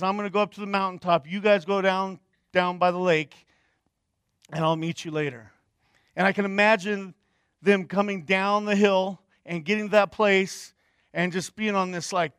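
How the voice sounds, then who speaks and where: Pastor, male, sermon. Fairly high, smooth voice, chatty, asks the room questions. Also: dry recording, clean studio sound. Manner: animated when retelling the story; hushed and soft when praying.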